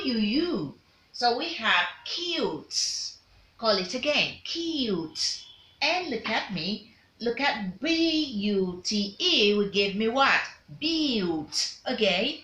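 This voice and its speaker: A woman's voice: on the high side, pushed and bright, roomy sound. A woman teaching a pronunciation lesson, drilling vowel sounds and having learners repeat words back to her. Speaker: diction teacher. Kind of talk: pronunciation lesson, call and response.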